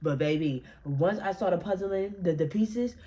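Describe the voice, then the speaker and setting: A young woman with a notably low voice tells a story to her viewers in a casual rant. She talks brash and profane, with plenty of animation and attitude. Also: a little slow, dark tone. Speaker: vlogger.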